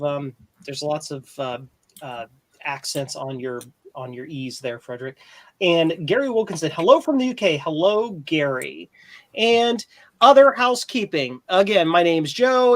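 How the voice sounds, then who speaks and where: A man's voice: high voice, fairly bright tone. A man hosting a casual live stream, chatty and self-deprecating, with lots of fillers and restarts.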